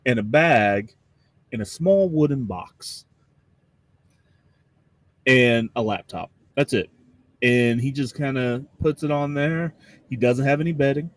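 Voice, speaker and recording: A man's voice: mid-range voice, takes it slowly, pauses often, no room sound. Guy rambling on about his game character, lots of ums, dry close mic. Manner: rambling, full of fillers. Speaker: tabletop game player.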